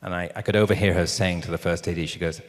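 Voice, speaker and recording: A British man, a guest actor, telling an animated anecdote at a live Q&A and acting out the quotes. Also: deep voice, quick pace. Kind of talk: anecdote told to a live audience. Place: large screening theater. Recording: long reverb of a cinema hall.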